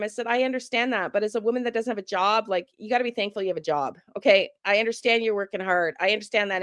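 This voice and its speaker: A woman's voice: fairly high pitch, bright, forceful tone, smooth, no echo, studio quality. A middle-aged woman ranting with heavy profanity while chatting with viewers on her livestream. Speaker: true crime tarot livestreamer. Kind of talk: casual livestream talk with chat.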